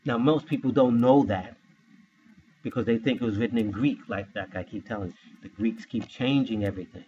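A man's voice: mid-range voice, fairly quick, warm tone. Man, scripture teacher, spells words out, asks questions; muffled, slightly noisy recording. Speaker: Bible teacher.

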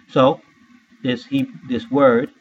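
A man's voice: medium pitch, level tone, drawn-out words, muffled recording, a little hiss or hum. A man teaching from scripture who poses rhetorical questions to his listeners and spells words out letter by letter. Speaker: Bible teacher.

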